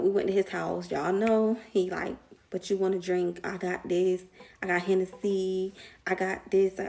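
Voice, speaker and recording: A woman's voice: mid-range voice, creaky, warm tone. A young woman telling a casual storytime to her viewers, slangy and chatty, laughing often.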